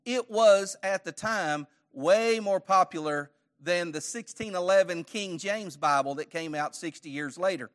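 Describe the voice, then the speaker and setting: A man's voice: sits high, measured pace, hardly any pauses, fairly bright tone. A man teaching a church Bible study lesson, conversational, quizzing his audience with questions and joking lightly.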